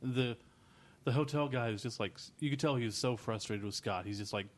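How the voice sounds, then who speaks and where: A man's voice: medium pitch, a little fast. Easygoing man recounting game stories. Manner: easygoing, recounts anecdotes with quoted voices. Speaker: podcast co-host. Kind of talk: casual chat.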